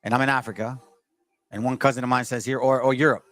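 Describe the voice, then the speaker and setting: Reading from a history book on his channel, a man with a medium-pitched, steady, slightly bright voice talks fast and breaks off to argue combatively with viewers, lecturing them. His reading includes stumbles and restarts.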